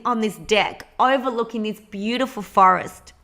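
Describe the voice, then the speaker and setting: A woman co-hosting a podcast interview, talking in an animated, candid way and swearing freely. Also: on the high side, measured pace, few pauses. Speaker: podcast co-host. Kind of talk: casual conversational interview.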